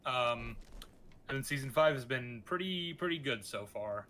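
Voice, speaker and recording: A man chatting casually with friends, relaxed and hesitant, full of fillers. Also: medium pitch, measured pace, slight background noise. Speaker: co-host of gaming playthrough. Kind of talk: casual chat.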